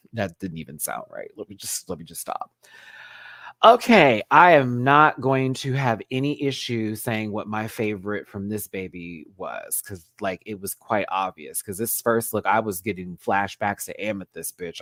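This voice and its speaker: A man hosting a live recap stream, talking in a sassy, campy way with big swoops in pitch. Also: normal speed, a bit bright, dry recording, studio quality.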